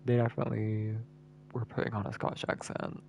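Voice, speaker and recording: A man's voice: on the low side, monotone, brisk, creaky, a little mellow, lo-fi sound, slight background noise. A male streamer giving casual gameplay commentary, thinking aloud and repeating words as he works things out.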